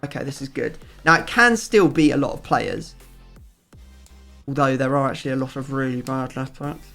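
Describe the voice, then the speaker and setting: A man's voice: mid-range voice, moderate pace, creaky, fairly bright tone. A man hosting a gaming video, chatting casually and rambling through his explanations with plenty of fillers. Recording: music playing faintly behind.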